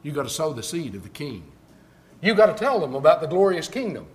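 An older man preaching a sermon, moving between quiet storytelling and loud, emphatic declarations. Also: on the high side, very animated, a little fast.

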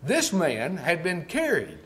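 An older Texan preacher with a somewhat high voice, delivering a sermon as easygoing storytelling. He drawls slowly whenever he wants a point to land. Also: huge pitch swings, fairly bright tone. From Texas. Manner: conversational storytelling preaching, slowing for emphasis.

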